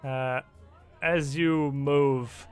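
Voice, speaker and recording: A man narrating as game master of a tabletop game, relaxed and peppered with fillers. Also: mid-range voice, drawn-out words, clear, resonant tone, soft background music, some chatter behind.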